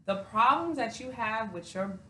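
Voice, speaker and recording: A woman's voice: on the high side, lively intonation, normal speed, bright, forceful tone. A young woman talking as a podcast guest in casual chat, blunt and emphatic, swearing now and then. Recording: echoey room, mic at a distance, faint hiss.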